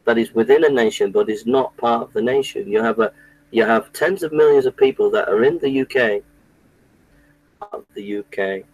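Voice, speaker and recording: A man's voice: fairly low pitch, a little mellow, breathy edge, no room sound, rough recording. A man delivering an indignant, repetitive political rant, often restarting his sentences. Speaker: political commentator. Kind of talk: impassioned monologue to camera.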